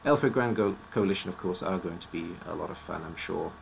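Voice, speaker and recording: A man's voice: low-pitched, a little fast, vocal fry, slight background noise. A man casually presenting teams on a live stream, his voice slightly worn out, joking and stumbling over odd names.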